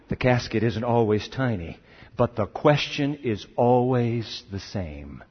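A man preaching a sermon, swinging dramatically between loud cries and hushed questions. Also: mid-range voice, animated, measured pace, slightly rough. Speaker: pastor. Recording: long hall reverb, dull lo-fi sound.

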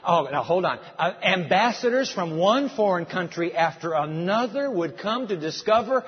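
A man's voice: sits high, animated, moderate pace, slightly rough. A man preacher delivering a dramatic, storytelling sermon full of asides. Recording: dull sound with long hall reverb.

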